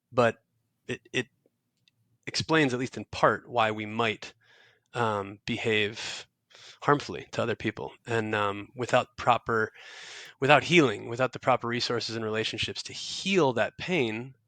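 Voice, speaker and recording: A man's voice: mid-range voice, bright, forceful tone, no echo. A young man, a guest author, telling a reflective story in an interview, earnest and searching, with frequent restarts and fillers.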